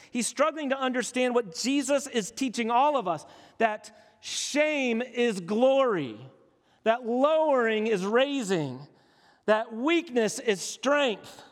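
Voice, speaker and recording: High-voiced preacher with hall reverb. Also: male voice. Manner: emphatic, rhetorical questions to the congregation. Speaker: pastor. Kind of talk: sermon. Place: church hall.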